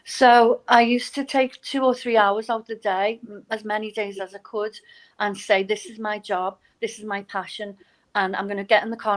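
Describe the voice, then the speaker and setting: A woman's voice: medium pitch, poor audio. A middle-aged woman, telling stories in a casual chat as a guest and acting out the people she quotes. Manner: animated, acts out quoted voices. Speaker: guest, novelist and poetry teacher.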